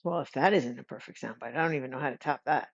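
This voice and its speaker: A woman's voice: very deep voice, fast talker. Woman podcast host, chatty, laughs a lot, kinda muffled lo-fi audio. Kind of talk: podcast interview.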